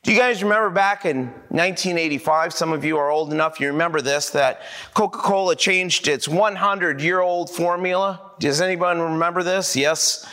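A male pastor preaching a sermon to a congregation, telling a story with animated acted-out dialogue. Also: a little high, normal speed.

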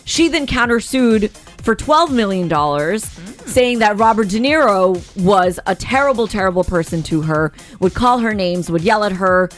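A woman's voice: mid-range voice, animated, normal speed, soft background music. A woman co-hosting a morning radio show, chatting in a casual, opinionated way and laughing easily. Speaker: radio co-host.

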